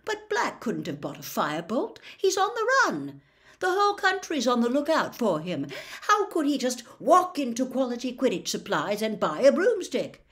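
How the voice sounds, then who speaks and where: A woman voicing an eager teenage boy team captain in a storybook reading, talking in rushed bursts that break off mid-sentence. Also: lowish voice, animated, breathy edge. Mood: excited.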